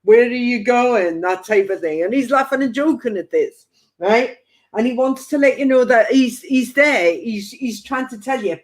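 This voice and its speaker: A woman's voice: a little high, animated, normal speed. Chatty woman medium giving live readings. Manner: chatty, relays spirit messages with playful quoted asides. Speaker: spiritual medium. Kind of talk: live-stream psychic reading.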